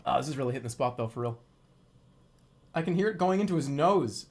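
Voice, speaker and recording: A man's voice: mid-range voice, animated, fast, a little mellow. A streamer from Boston, joking and swearing in casual livestream chat while he eats, talking with his mouth full. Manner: joking, profane, reacts to chat.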